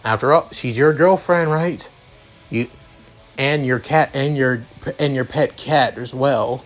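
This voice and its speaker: A man's voice: mid-range voice, unhurried, soft background music, natural voice. A man voicing a laid-back young man who teases in a dry, offhand way, reading a fan story aloud.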